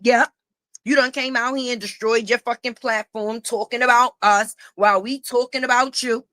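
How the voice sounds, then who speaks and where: A high-pitched, bright-toned middle-aged woman lays into her target in a profane livestream rant. She taunts and repeats herself, close to the mic in a dry room. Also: steady tone, normal speed, no echo. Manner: confrontational, repetitive taunting. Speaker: livestream commentator.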